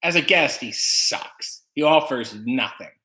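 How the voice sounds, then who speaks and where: A man's voice: mid-range voice, animated, a little slow, pushed and bright. A man hosting a casual livestream, reading chat comments aloud with playful, wry asides.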